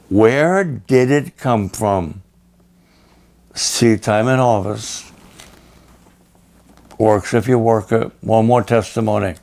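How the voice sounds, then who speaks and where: A man's voice: mid-range voice, darkish tone. An older man, a pastor, delivering a fundraising sermon with an emphatic, urgent, pleading delivery.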